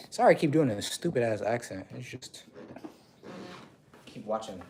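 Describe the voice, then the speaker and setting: Slangy low-voiced man in an echoey bathroom. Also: lively intonation, moderate pace, long pauses. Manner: chatty, talks to himself, slangy. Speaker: DIY home renovation vlogger. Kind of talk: casual running commentary while painting. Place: small bathroom being renovated, indoors. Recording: echoey small room, far from mic, background noise.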